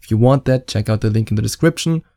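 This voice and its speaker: A man's voice: lowish voice, fast, mellow, no echo. A man with a German accent, giving dating advice in a playful, joking vlog. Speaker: dating coach.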